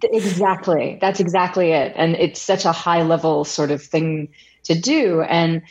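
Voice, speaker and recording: A woman's voice: on the low side, measured pace. A woman audiobook narrator being interviewed, talking about her craft in an articulate, thoughtful way. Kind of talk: podcast interview.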